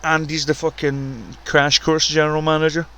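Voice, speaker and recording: A man giving casual, profane, excitable commentary on a wrestling video game and ranting about the roster. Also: a little high, moderate pace. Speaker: commentator and show runner.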